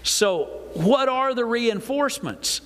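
An older man preaching a folksy, animated sermon to his congregation. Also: extremely high pitch, slow. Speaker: pastor. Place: church sanctuary. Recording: reverberant church hall.

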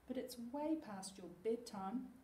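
A patient but firm storybook mother, voiced by a woman reading aloud. Her tone is mellow and unhurried. The reading sounds distant, in an echoey room. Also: on the high side, expressive, a little hiss or hum.

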